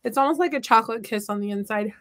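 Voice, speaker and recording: A woman's voice: a little high, very fast, fairly bright tone. A woman hosting a casual craft livestream from her home office, chatting and reading out viewer comments. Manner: playful and upbeat. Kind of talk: casual chat while crafting.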